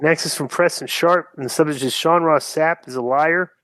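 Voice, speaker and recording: A man's voice: a little high, moderate pace, a bit bright, a little hiss or hum. A man on a podcast reading a listener message aloud with a mocking drawl. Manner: mock drawl imitating the letter writer.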